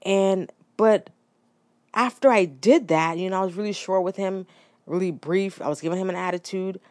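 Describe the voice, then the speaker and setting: A woman's voice: mid-range voice, moderate pace, darkish tone, no echo, clean studio sound. A woman in her thirties hosting a personal podcast, telling a story in a candid, reflective way with frequent restarts and asides. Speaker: podcast host.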